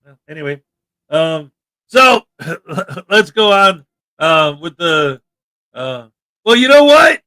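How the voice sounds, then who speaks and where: A man hosting a casual livestream chat, joking and animated with sudden loud bursts. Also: on the high side, slow, pauses often. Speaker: livestream host.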